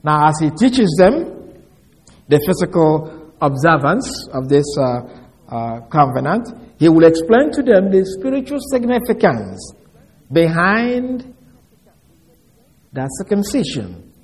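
A man preaching a sermon, reading scripture and explaining it slowly and deliberately, word by word. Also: a little high, big pitch swings, a little mellow.

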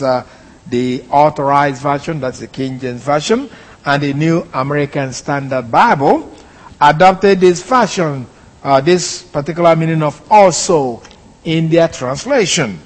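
Male Bible teacher, slightly high voice, unhurried, methodical delivery, reverberant hall. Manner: deliberate, explanatory, with pauses and fillers. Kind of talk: slow expository Bible lesson.

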